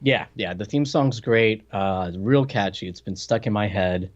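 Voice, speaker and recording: A man's voice: on the low side, a little slow, muffled recording. A man co-hosting a podcast, joking around casually and often restarting his sentences. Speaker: podcast co-host. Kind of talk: casual chat about a cartoon.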